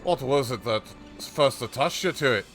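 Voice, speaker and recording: A man's voice: mid-range voice, expressive, normal speed, a bit bright, faint music behind, close to an everyday voice. A man voicing a chatty old male peddler with a put-on rustic accent and a folksy, rambling way of talking. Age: older. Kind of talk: reading game dialogue aloud on a livestream.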